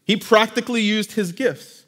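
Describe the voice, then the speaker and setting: A man preaches from the pulpit, and his voice sits fairly high. He talks to the congregation in a conversational way, checking in with them as he goes. Long reverb from the church hall trails after his words. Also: normal speed, fairly bright tone. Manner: conversational, addresses congregation directly. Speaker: pastor. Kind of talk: sermon. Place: church sanctuary.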